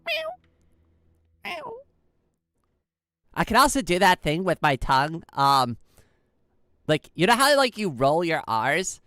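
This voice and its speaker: Giggly woman streamer, lively pitch. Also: moderate pace, dry recording. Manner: giggly, bubbly, playful, often laughing at herself. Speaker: live streamer. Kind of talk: casual live-stream chat with viewers.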